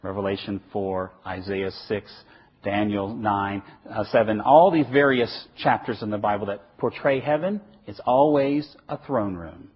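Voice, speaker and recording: A man's voice: on the low side, measured pace, slightly rough. A middle-aged man preaching a sermon in an emphatic way, asking questions and then answering them himself. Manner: animated, emphatic, asks and answers his own questions. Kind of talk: sermon lecture. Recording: dull lo-fi recording.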